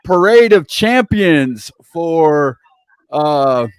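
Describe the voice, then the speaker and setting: A man's voice: a little high, animated, drawn-out words, smooth, no room sound. A man hosting a casual interview, reeling off upcoming events with enthusiastic, catchphrase-heavy promo patter. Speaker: interview show host.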